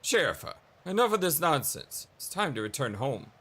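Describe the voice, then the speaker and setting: A man voicing a stern, cold soldier commander, reading game dialogue slowly and gravely over game music. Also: on the high side, big pitch swings, exaggerated voice. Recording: loud game music behind.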